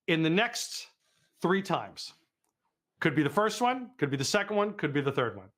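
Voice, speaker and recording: A man's voice: high-pitched, sing-song, moderate pace, fairly bright tone. A man from the Midwest hosting a live fundraising telethon, calling donation auctions in a playful, goofy way and teasing the audience.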